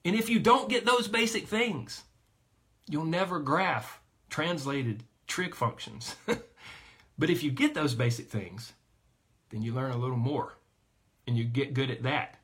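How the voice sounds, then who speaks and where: A man's voice: fairly high pitch, a little slow, fairly bright tone. A man coaching a weight loss group, talking energetically and emphatically to his listeners.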